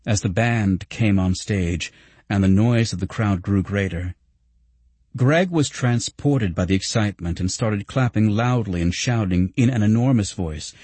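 A man narrating a nonfiction audiobook in a measured, reflective way. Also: on the low side, darkish tone, husky, no room sound.

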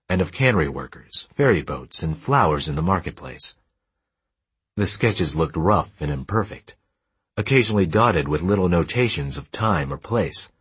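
A man reading an audiobook in a steady, measured storytelling manner. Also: deep voice, slightly rough, no room sound. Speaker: audiobook narrator. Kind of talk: scripted narration.

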